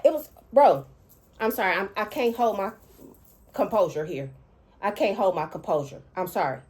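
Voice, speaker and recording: A woman vlogging as a dream interpreter, telling a personal spiritual testimony in an excitable way, stretching out words for emphasis and swinging between hushed and loud. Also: mid-range voice. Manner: excitable, repetitive, breaks off and restarts, keeps saying 'all right' and 'okay'. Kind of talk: emotional personal testimony to camera.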